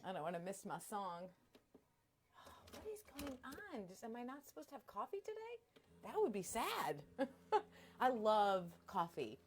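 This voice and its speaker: A bubbly middle-aged woman radio host chatting on a live stream from her station studio. Her voice sits fairly high and swings up and down a lot. She talks in a chatty, self-deprecating way. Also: very animated, a little slow, a little hiss or hum. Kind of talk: casual live-stream chat.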